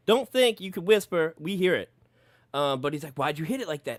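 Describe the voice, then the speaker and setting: A man's voice: a little high, brisk, no echo, clean studio sound. A man casually telling a story in a podcast chat, cursing freely and acting out what people said. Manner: profane, animated storyteller acting out quotes.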